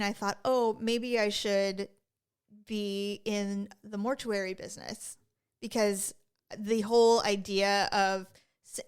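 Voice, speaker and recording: A woman co-hosting a podcast in casual chat, telling animated stories and acting out the people she quotes. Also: medium pitch, clear, resonant tone. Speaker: podcast co-host.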